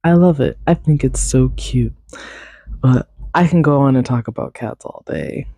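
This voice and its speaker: A young woman hosting a casual solo podcast, raspy and congested from a cold, rambling along with lots of fillers. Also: extremely low pitch, moderate pace, dark tone, no room sound. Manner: rambling, filler-heavy, self-deprecating. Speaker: podcast host.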